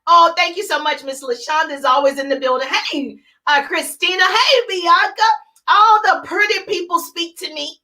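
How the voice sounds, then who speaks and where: Woman giving a live motivational pep talk, super high bright voice, punchy and fired up. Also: moderate pace. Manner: emphatic and energetic, with repeated punchy phrases. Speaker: host of a business coaching broadcast.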